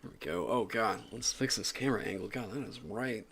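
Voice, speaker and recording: A man's voice: on the low side, brisk, a bit bright, slightly rough, faint music behind. Man, casual stream chat, rambling, lots of fillers, upbeat, home desk mic.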